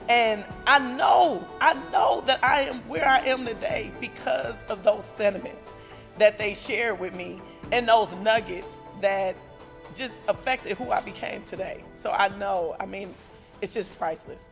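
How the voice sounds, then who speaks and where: A woman's voice: a little high, creaky. Heartfelt woman in a reverberant hall. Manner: heartfelt, halting with fillers, growing emotional. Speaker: alumna speaker. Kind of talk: emotional personal testimony. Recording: reverberant hall, music underneath.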